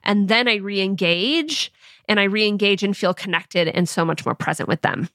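A woman's voice: medium pitch, moderate pace, no room sound, studio quality. A woman in her thirties hosting a podcast, talking casually with filler words and light laughs. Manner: conversational, with filler words like "you know" and frequent soft laughs. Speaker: podcast host.

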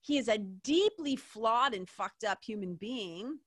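A woman's voice: a little high, lively intonation, a little slow, fairly bright tone. A woman hosting an interview, telling a personal story in a candid, emotional way, swearing freely and leaning on "like". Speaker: podcast host.

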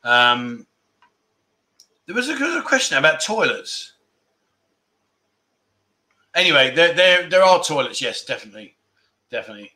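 A man's voice: on the high side, sing-song, moderate pace, pauses often, pushed and bright. A man hosting a casual livestream chat, effusive and chatty as he keeps thanking his viewers. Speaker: livestream host.

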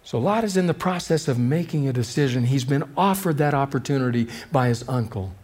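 A man's voice: animated, brisk. A man preaching a sermon as a pastor, repeating key words for emphasis and acting out the voices of the people he quotes. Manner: acts out quoted voices with shifts in pitch and loudness.

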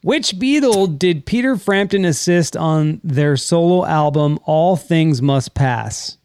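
A man's voice: on the high side, takes it slowly, a little mellow, clean tone, no room sound, studio quality. A man hosting a casual podcast and reading out trivia questions, laughing and teasing his friends with casual swearing. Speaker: podcast host and trivia quizmaster.

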